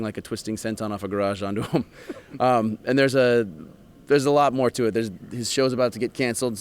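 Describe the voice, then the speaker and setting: Man, interview guest, smooth resonant voice, casual, laid-back, laughs often. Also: on the low side. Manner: easygoing, laughs often, loose filler-heavy phrasing.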